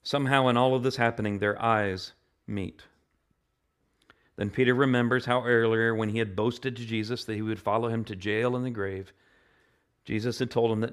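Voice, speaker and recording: A male pastor delivers a sermon in a voice of ordinary, middle pitch. He speaks earnestly, doubling back on words and restarting phrases as he works through a point. At his high points he builds toward a louder, more impassioned delivery. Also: fairly even intonation, normal speed, clean tone. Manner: turns impassioned and louder at climaxes.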